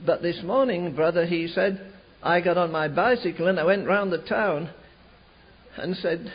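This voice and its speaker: A man preaching a sermon, telling a revival story in an animated way, slowing and rising for emphasis. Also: high voice, husky. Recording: dull lo-fi recording.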